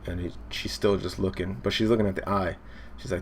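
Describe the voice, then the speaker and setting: A man's voice: low voice, flat delivery, fairly quick, a little hiss or hum. Laid-back young man recapping a manga. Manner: laid-back, filler-heavy, briefly acting out character shouts. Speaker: manga reaction host. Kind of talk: casual live reaction, reading panels aloud.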